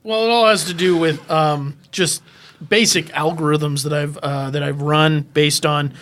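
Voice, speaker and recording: A man's voice: a little high, fairly even intonation, measured pace, fairly bright tone, slight background noise. A man co-hosting a comedy podcast, making dry, wry remarks. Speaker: podcast co-host. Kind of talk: casual chat, improv comedy.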